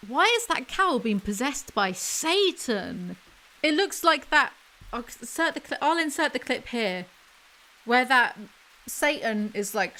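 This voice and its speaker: A woman's voice: mid-range voice, moderate pace, rough recording. Sarcastic woman doing ASMR book commentary. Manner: sarcastic, mocking, deadpan asides. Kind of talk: soft ASMR commentary reading a children's book aloud.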